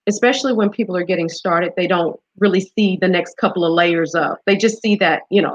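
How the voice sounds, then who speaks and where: A woman's voice: lowish voice, moderate pace, few pauses, fairly bright tone, no room sound, low-quality recording. A woman hosting an interview, asking questions and sharing her views in an encouraging, conversational way. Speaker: interview host. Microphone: video call.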